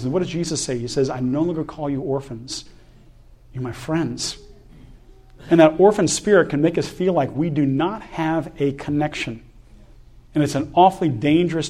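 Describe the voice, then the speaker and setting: Animated man preaching a testimony. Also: on the high side. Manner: animated storyteller, laughs between lines. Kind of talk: sermon with personal testimony.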